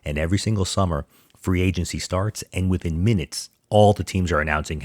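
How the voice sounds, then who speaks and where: A man's voice: sits low, fairly quick, darkish tone, no room sound. A man hosting a podcast, ranting about sports news with sarcastic disbelief. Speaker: podcast host. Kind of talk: casual sports commentary monologue.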